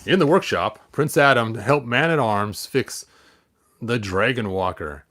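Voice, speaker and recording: A man reads a children's picture book aloud in a relaxed, casual way. He keeps breaking off to ramble about the pictures and poke fun at himself, at a mid-range pitch. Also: a little slow. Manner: rambling, self-mocking asides with fillers. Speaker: storybook reader and streamer. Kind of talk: casual read-aloud with chatty asides.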